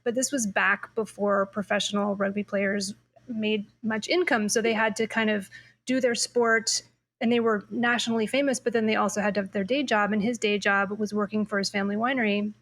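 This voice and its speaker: A woman's voice: medium pitch, steady tone, brisk, fairly bright tone. A woman hosting a podcast panel, chatting casually and telling stories with enthusiasm. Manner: enthusiastic, storytelling. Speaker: podcast host.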